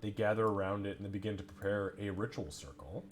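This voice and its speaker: A man's voice: on the low side, fast talker. A man narrating a tabletop game as game master, casual and swearing.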